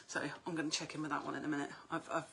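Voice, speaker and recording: A woman's voice: sits low, very fast, vocal fry, slight background noise. A middle-aged woman, chatting casually on a livestream as an oracle card reader, talkative and prone to swearing. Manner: chatty, animated, swears freely.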